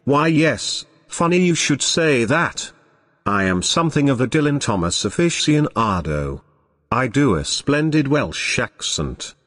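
A man plays a pompous, hammy stage actor who lingers over every word and swings his pitch widely in theatrical declamation. His voice rings out with a long hall reverb trailing after it. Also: big pitch swings, fairly bright tone. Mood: self-satisfied. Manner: grand, theatrical, slow declaiming.

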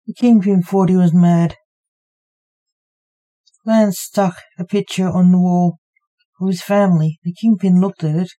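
A woman narrating a short story in a measured, even manner. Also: lowish voice. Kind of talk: scripted narration.

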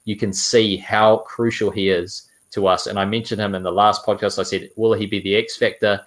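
Male podcast host, low voice, eager casual football chat. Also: level tone, normal speed. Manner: enthusiastic, asks co-hosts questions.

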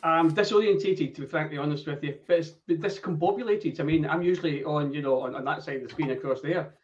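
A man's voice: on the high side, quick pace, recorded from a distance, lo-fi sound, slight background noise. A man chatting as a football podcast panelist over a video call, sweary and stumbling. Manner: swears freely, stumbling restarts. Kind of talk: casual podcast chat.

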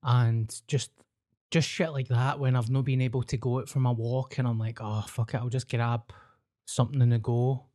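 Medium in pitch and dark in tone, this man's voice stays flat at a normal speed. He co-hosts a podcast with a Scottish accent, chatting casually, cracking blunt jokes and cursing freely.

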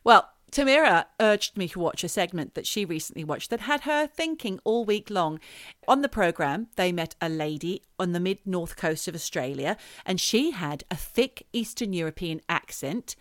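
A woman's voice: on the low side, expressive, moderate pace, hardly any pauses, a bit bright, no echo, clean studio sound. A woman co-hosting a podcast, chatting casually and telling stories in a playful way. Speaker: podcast co-host. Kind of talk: casual chat.

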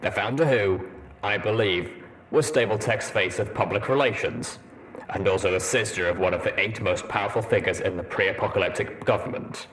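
A man voicing a skeptical male pony soldier in armor, speaking in a deep rumbling voice with a dry, measured deadpan. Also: a little hiss or hum.

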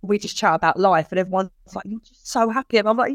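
A woman's voice: medium pitch, quick pace, dry recording. Brief: cheerful, gushing woman podcast guest, dry close mic. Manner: bubbly, upbeat, gushing. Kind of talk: casual chat.

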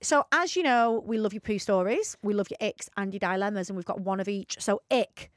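A woman co-hosting a casual podcast chat. She is animated and blunt, swears freely and laughs easily. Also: mid-range voice, a little fast, no echo, clean studio sound. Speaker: podcast co-host.

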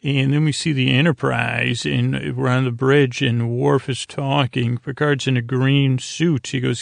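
Gravelly-voiced man recapping an episode. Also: mid-range voice, flat delivery, unhurried, hardly any pauses, no room sound. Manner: rambling, many fillers and restarts. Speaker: podcast host.

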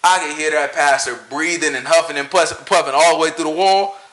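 A man talking casually about church and preaching, animated and joking, often laughing. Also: a little high, fairly quick, reverberant, low-quality recording. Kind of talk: casual opinion talk.

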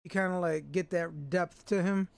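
A man's voice: sits high, steady tone, moderate pace, creaky, a little mellow, clear, resonant tone, no room sound. A man co-hosting a casual podcast chat, laid-back and rambling, swearing freely. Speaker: podcast co-host reviewing a TV episode.

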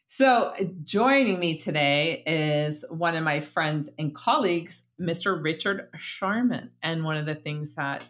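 A bubbly, talkative woman hosts an interview podcast, chatting casually with her guest and laughing easily. Her voice is deep and a bit bright.

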